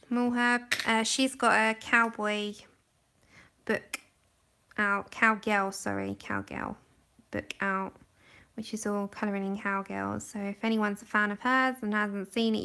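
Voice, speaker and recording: Here a young woman hosts a casual colouring livestream, giggling and chatting toward a camera right in front of her face. Her medium-pitched voice is bright and carries a forceful tone.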